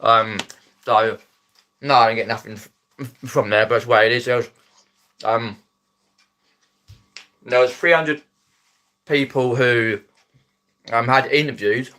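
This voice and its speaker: A man's voice: mid-range voice, fairly even intonation, measured pace, long pauses, bright, forceful tone. A man from Surrey with a Mockney accent, chatting casually to viewers on his phone live stream, rambling with many ums and restarts. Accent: Mockney, South East English. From Epsom, Surrey, England.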